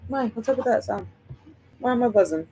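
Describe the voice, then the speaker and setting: A woman's voice: a little high, lively intonation, brisk, mellow, slight background noise, poor audio. A woman hosting a book livestream, chatting casually and rambling while she greets viewers by name.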